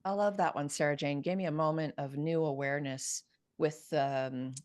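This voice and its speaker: Woman, host, very low pitch, enthusiastic, riffs with fillers, casual panel chat. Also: steady tone, normal speed, darkish tone, no room sound, studio quality. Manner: enthusiastic, riffing, frequent fillers.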